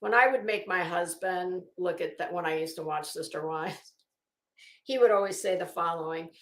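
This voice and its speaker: In a Florida Southern accent, a middle-aged woman hosts a laid-back livestream where she talks candidly, swears at will and welcomes viewers by name. Her medium-pitched voice has lively intonation, a bit of brightness and normal speed with frequent pauses, and the sound is reverberant.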